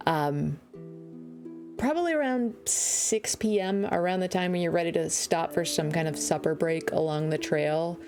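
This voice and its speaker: A woman game master narrating a tabletop game scene in an easygoing, descriptive way, with frequent fillers. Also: deep voice.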